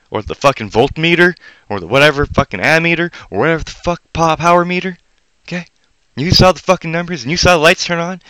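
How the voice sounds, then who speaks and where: Bright-voiced man in a swearing rant. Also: dry recording, rough recording. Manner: angry, swearing heavily, swinging from loud outbursts to low mutters. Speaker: livestream host. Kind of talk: profane live-stream rant.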